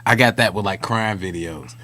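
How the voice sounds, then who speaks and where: A man's voice: on the low side, moderate pace, pushed and bright. A man co-hosting a podcast, telling stories in a chatty, slangy, casual way. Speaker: podcast co-host. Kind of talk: casual chat.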